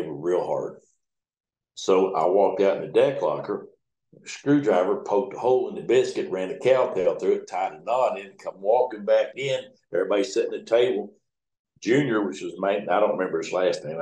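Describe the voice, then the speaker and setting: A middle-aged man with a low, deep voice, telling rambling, salty stories as a towboat captain. His speech is folksy and loose, with a roomy echo around it. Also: dark tone. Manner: folksy, rambling, profane storytelling. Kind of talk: oral history interview storytelling.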